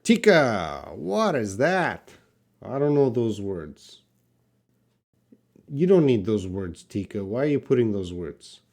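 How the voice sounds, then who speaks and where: A man teaching English pronunciation on a live stream, repeating each word slowly and answering viewers' questions from the chat. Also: lowish voice, big pitch swings, darkish tone. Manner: slow, repeats words for learners, answers chat.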